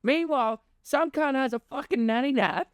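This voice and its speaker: Young male host, exasperated sarcastic monologue, clean crisp delivery, dry booth sound. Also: very high voice, normal speed, no echo. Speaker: podcast host. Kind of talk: ranting monologue.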